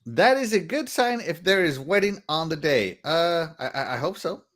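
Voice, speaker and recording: A man's voice: a little high, very animated, normal speed, a bit bright. A man hosting a podcast, reading viewer comments aloud and chatting in a laid-back way. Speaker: podcast host.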